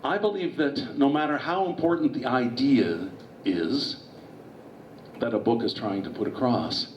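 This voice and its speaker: A man's voice: mid-range voice, a little slow. A guest author gives a storytelling history lecture in a meeting hall, with digressive asides. He is heard from a distance, with a roomy echo around his voice. The recording sounds dull and muffled, with faint noise underneath.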